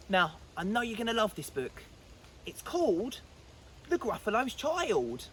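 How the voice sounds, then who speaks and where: A woman reading a children's picture book aloud as a storyteller, in an animated, sing-song way. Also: on the high side, measured pace, a little hiss or hum.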